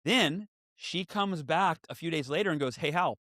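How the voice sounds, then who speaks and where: A man in his forties telling stories as a podcast guest and author, lively and acting out what others said. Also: on the high side, moderate pace, no echo, studio quality. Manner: animated, acts out quoted voices. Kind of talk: storytelling in conversation.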